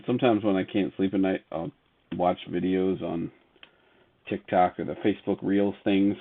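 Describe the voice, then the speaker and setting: A man's voice: low voice, fairly even intonation, moderate pace. A man hosting a casual live sports card break, reading out player names and chatting with viewers. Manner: reads player names off cards in a running list; laughs often, chats with viewers between cards. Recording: tinny phone-like audio.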